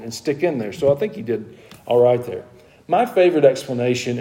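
A man's voice: medium pitch, warm tone. A man teaching a Bible study to a group in a conversational way, talking with the class and growing more emphatic as he explains the passage.

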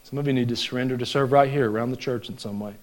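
A man with a Southern US accent preaching a folksy, joking sermon in a church, swinging from loud exhortation to hushed asides. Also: medium pitch, fairly even intonation, rapid-fire. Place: church sanctuary.

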